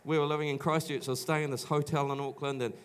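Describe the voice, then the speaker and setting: Man, middle-aged, from New Zealand, pastor, church sermon, chatty testimony, slightly higher voice. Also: little pitch movement, racing, clear, resonant tone. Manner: conversational storytelling, many restarts, acts out quoted voices. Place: church auditorium.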